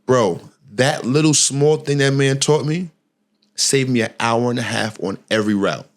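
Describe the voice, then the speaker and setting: A middle-aged man in the host's seat, spinning a story from his week with loose slang and plenty of restarts. His voice sits at an ordinary, mid-range pitch and his telling stays lively and conversational. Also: moderate pace. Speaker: podcast host. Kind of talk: casual storytelling chat.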